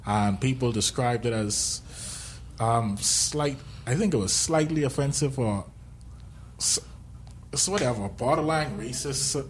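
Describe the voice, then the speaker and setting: A man's voice: medium pitch, unhurried, a little hiss or hum. A man co-hosting a podcast in casual chat, rambling, joking and laughing often. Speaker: podcast co-host.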